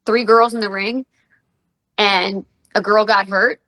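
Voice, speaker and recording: A woman in her thirties talks through her stories in a relaxed podcast interview. Her voice is bright and ringing, and she acts out what others said with lively bursts. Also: medium pitch, slow pace, poor audio. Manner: animated storyteller, acts out quotes. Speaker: guest, professional wrestler and radio personality.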